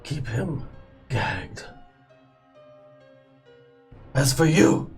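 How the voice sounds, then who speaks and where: A merciless male warlord, driven by vengeance, hands out cold, menacing threats, as a man puts him on in a tabletop game. His delivery is slow and deliberate, and he sits a little back from the mic. Soft music plays underneath. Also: mid-range voice, sing-song.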